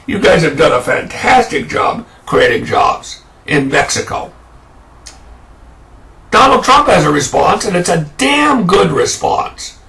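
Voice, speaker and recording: A man's voice: high-pitched, sing-song, measured pace, creaky, bright, forceful tone, recorded from a distance, poor audio. A man delivering an angry, sarcastic political rant as a commentator. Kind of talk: ranting political monologue.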